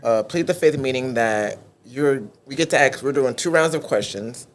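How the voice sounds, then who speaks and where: A man hosts a casual podcast, talking in an easygoing, chatty way. He breaks into laughter often while he explains a party game to his guests. His pitch sits in a middle range for a man. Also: normal speed. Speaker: podcast host. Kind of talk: casual chat.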